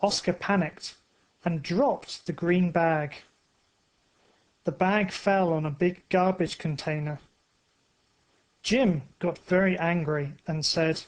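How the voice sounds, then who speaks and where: A man narrates a simple story for English learners in a high, light voice. He reads very slowly, pausing between short phrases so each sentence lands clearly. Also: steady tone. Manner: careful, evenly spaced phrasing. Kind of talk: slow graded-reader narration for English learners.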